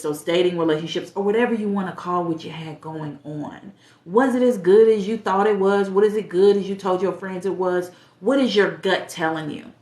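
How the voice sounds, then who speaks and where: A woman's voice: fairly low pitch, a little mellow. Woman life coach in an echoey room. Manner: direct, questioning the viewer, laughs at herself. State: a little stuffy from allergies. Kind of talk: casual advice monologue.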